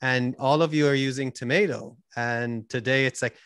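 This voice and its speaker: A man's voice: medium pitch, steady tone, normal speed, a bit bright, clean tone, dry recording, clean studio sound. A young man with a mixed Canadian, British and Israeli accent, chatting and rambling a little as a podcast host being interviewed. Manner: rambling, self-deprecating, chatty. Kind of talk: casual interview conversation.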